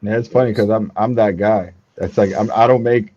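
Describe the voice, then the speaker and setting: Lower-voiced excitable man on a lo-fi call. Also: fairly quick, no room sound. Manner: excitable, laid-back slang. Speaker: livestream guest. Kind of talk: casual chat on a video call.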